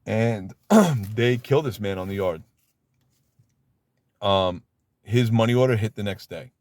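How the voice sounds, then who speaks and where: Ex-con talking straight, low voice, dry close sound, emphatic. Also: male voice, animated, takes it slowly, darkish tone, no echo. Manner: blunt, streetwise, emphatic. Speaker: former inmate giving advice. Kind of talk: casual advice monologue.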